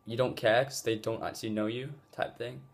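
A man's voice: medium pitch, flat delivery, brisk. A man talking casually to camera in a vlog, rambling and earnest with lots of fillers, recorded on a phone. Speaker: gaming YouTuber. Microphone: phone mic.

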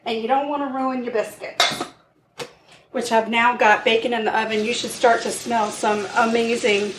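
A woman co-hosting a podcast while baking in her home kitchen, chatty and quick to react. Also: on the high side, steady tone. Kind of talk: casual chat while baking. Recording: echoey kitchen, faint noise.

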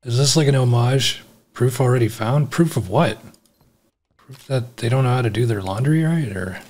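A man giving casual let's-play commentary, talking to himself, laughing often, swearing and reacting loudly. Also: medium pitch, normal speed. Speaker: gameplay commentator.

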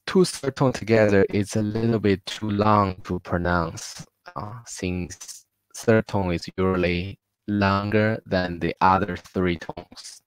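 A man's voice: deep voice, fairly even intonation, takes it slowly, smooth, rough recording. A man who speaks Mandarin as his first language, teaching it in an online lesson, patiently repeating each word twice and switching between Spanish and English. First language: Mandarin Chinese.

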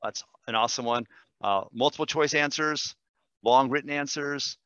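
A man, a language teacher, demonstrating software in a webinar, enthusiastic and quick, with fillers and self-corrections. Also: mid-range voice, smooth, dry recording, dull audio. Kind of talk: screen-share webinar demo.

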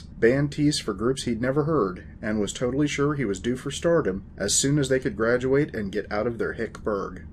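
A man's voice: mid-range voice, slight background noise. A man in his forties hosting a story podcast, reading the narration in a dry, wry manner.

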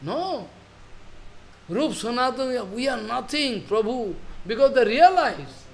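High-voiced older man giving a devotional talk. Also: big pitch swings, measured pace, creaky. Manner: storytelling, voicing saints in dialogue, non-native English. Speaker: spiritual teacher. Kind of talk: devotional lecture with acted dialogue.

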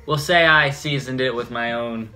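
A man's voice: mid-range voice, normal speed, sharp tone, soft background music. A teenage boy casually showing how he cooks his lunch, joking and a bit rambling. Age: teens. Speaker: teen cook. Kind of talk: casual cooking demonstration.

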